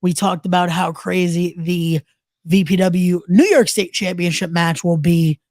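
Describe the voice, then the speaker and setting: A man's voice: high voice, fairly even intonation, a little slow, a little mellow, no room sound. A man hosting a wrestling podcast in casual chat, often repeating himself and trash talking rivals playfully. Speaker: podcast host.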